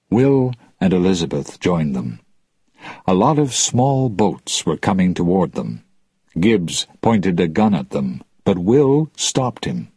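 A man narrating an audiobook in a slow, deliberate, plain reading. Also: low-pitched, very animated, mellow, husky, dry recording.

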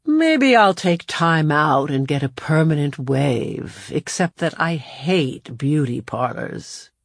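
A woman narrating a storybook in the first person, in a measured, unhurried way. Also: sits low, dry recording, clean studio sound. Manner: measured, unhurried storytelling with lively shifts for dialogue. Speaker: audiobook narrator.

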